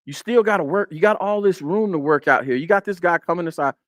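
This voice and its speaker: A man's voice: sits high, quick pace, fairly bright tone, dry recording. A man hosting a casual football film breakdown on a live stream, repeating his points and talking to the chat.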